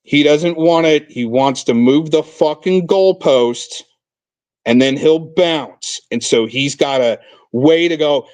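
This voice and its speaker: A man's voice: on the high side, takes it slowly, no room sound. Furious swearing man ranting on a stream. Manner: profane, shouting insults, aggressive. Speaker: stream host. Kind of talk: heated livestream rant.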